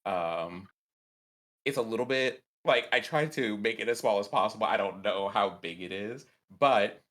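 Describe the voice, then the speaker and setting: A man playing a tabletop game who talks hesitantly, with many pauses and ums. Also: fairly low pitch, fairly bright tone. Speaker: player.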